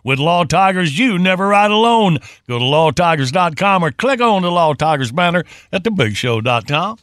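A man's voice: high voice, normal speed, no room sound, clean studio sound. A man hosting a morning radio show, joking and laughing through casual banter and ad reads. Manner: lively, laughing, jokey.

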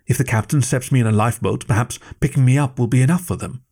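A jittery, pleading male fox scholar whose voice climbs when he grows desperate, dropping German words as he talks, put on by a male storyteller. He sounds earnest and hurried in an audio story. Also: mid-range voice, darkish tone, slightly rough. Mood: earnest worried. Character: anxious defecting male fox scientist.

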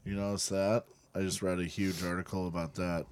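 Deadpan man with dark humor, dry sound. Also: low-pitched, fairly quick, smooth, no room sound. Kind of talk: casual chat.

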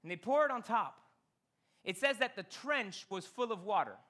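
A man preaching a sermon in a church, telling Bible stories with animated delivery and acting out the characters. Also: high voice, normal speed. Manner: slips into Spanish phrases. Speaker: pastor.

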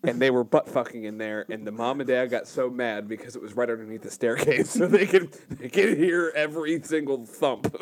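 A man co-hosting a crude, casual podcast chat, cracking jokes with mock-deadpan delivery. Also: mid-range voice, brisk, hardly any pauses. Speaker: podcast co-host.

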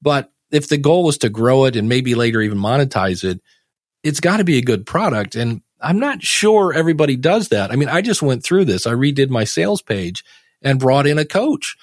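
A man from the United States chats as a podcast guest, folksy and easygoing, slipping into little acted-out voices when he quotes people. His voice sits at a middle pitch, recorded close with no room sound. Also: very animated, moderate pace, dry recording. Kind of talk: casual chat.

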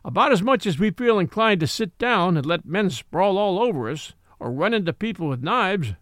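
A man's voice: high-pitched, expressive, normal speed, fairly bright tone, no room sound, studio quality. A man doing a touchy, stubborn army mule. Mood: scornful. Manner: blunt, prickly.

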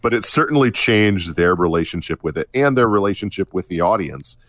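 A man's voice: deep voice, expressive, a little fast. A man co-hosting a casual music podcast, thinking aloud with frequent restarts and fillers. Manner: hesitant, many restarts and fillers. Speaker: podcast co-host.

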